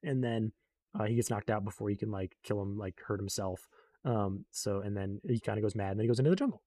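A man's voice: on the low side, fast, mellow, no room sound. A young man casually recapping a book in a rambling way, full of fillers, and briefly acting out the characters he quotes.

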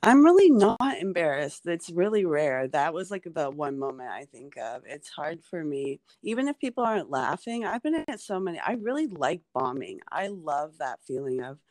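A woman's voice: low voice, big pitch swings, normal speed, few pauses, darkish tone, no echo. Rambling woman comedian, dry close sound. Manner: rambling, lots of "like" and "um" fillers. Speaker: stand-up comedian, guest. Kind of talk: casual podcast chat.

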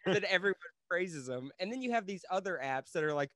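A man's voice: sits high, sing-song, quick pace, hardly any pauses, fairly bright tone, dry recording, clean studio sound. A young man co-hosting a podcast, talking in a brash, casual way, swearing often and laughing between lines. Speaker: podcast co-host. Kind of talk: casual profane chat.

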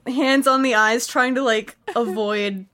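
A woman's voice: fairly high pitch, steady tone, a little slow, sharp tone. A woman playing a character in a tabletop game, describing what her character does, giggling and saying "like" often. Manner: giggly, uses "like" a lot. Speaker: player.

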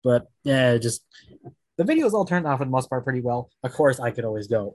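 Husky man in a dry, close sound. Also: mid-range voice, animated, brisk, a little mellow, dry recording, rough recording. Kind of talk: casual podcast chat.

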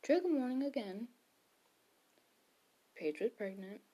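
A woman's voice: a little high, lively intonation, a little slow, breathy edge, lo-fi sound. A woman retelling a story in casual chat, rambling with fillers and self-corrections, and sometimes dropping to a whisper for quotes.

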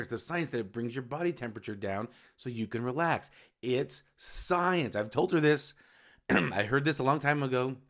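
A man's voice: mid-range voice, fairly bright tone. A man hosting his own podcast, talking casually and rambling a little as he restarts and corrects himself. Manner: rambling, self-correcting, informal. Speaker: podcast host. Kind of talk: casual solo podcast talk.

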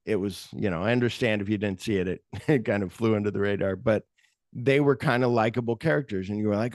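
A man's voice: fairly low pitch, a little fast, a little mellow, no echo. Man retelling movie scenes, dry sound. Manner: rambling, retells scenes in quoted voices. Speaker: podcast host. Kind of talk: casual movie discussion.

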